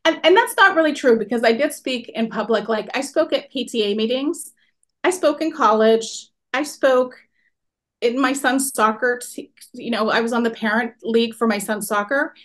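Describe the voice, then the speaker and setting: A woman in her forties telling a personal story to a workshop audience in an animated, expressive way. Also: a little high, moderate pace. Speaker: workshop speaker.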